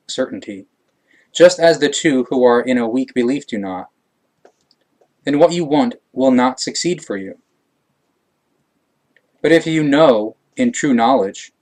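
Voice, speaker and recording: Man slowly reading scripture aloud. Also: mid-range voice, darkish tone. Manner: slow, measured, solemn reading. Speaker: reader.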